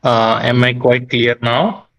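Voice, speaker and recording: A man's voice: mid-range voice, little pitch movement, takes it slowly, a bit bright. A man, a student, introducing himself in an online class, hesitant and full of uhs and restarts, heard over a video call. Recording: muffled video call audio.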